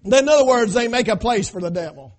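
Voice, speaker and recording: High-pitched male pastor preaching, call-and-response cadence, builds to shouting. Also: expressive, brisk. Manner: preacher cadence, frequent "amen?" call-outs; rising to shouting at climaxes. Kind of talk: sermon.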